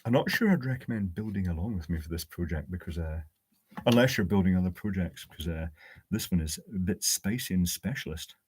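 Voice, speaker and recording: A fairly low-pitched man talks through a live electronics build at his workbench, pausing to think aloud and slipping in dry jokes. Faint clicks of tools sit quietly behind his voice. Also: animated, slight background noise. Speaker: electronics hobbyist host. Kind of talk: live-streamed workbench build, answering chat.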